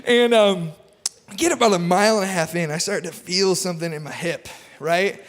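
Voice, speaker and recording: A man's voice: sits high, brisk. A young man preaching a casual sermon full of personal stories and self-deprecating humor in a large church. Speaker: guest preacher. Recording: long hall reverb.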